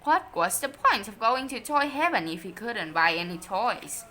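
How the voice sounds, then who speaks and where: A woman reading a children's storybook aloud, slow and expressive. Her voice is bright and on the high side, with lively rises and falls. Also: a little hiss or hum. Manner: expressive, unhurried read-aloud.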